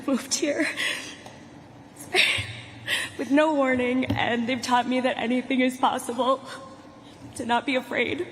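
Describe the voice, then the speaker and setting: A woman chef giving an emotional acceptance speech, tearful and halting, with nervous laughs. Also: fairly high pitch. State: tearful, choked up. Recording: echoey hall with loud background noise.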